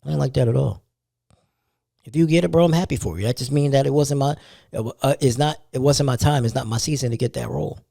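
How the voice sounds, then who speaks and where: A man's voice: mid-range voice, fast talker, gravelly, mellow, no echo, studio quality. A tired young man hosting a podcast, talking loosely in street slang. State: tired, yawning. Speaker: podcast host. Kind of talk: casual monologue.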